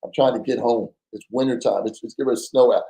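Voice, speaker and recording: A man's voice: mid-range voice, fast, gravelly, low-quality recording. A man telling a story as a guest in a podcast interview, in casual slang. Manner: animated storyteller, acts out voices, casual slang. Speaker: former undercover agent, guest.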